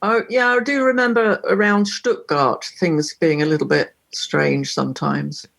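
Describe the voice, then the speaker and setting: A woman, a singer-songwriter guest, chatting casually in an interview and telling lively stories with frequent laughs. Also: low-pitched, a little slow, gravelly. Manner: lively storyteller, laughs often.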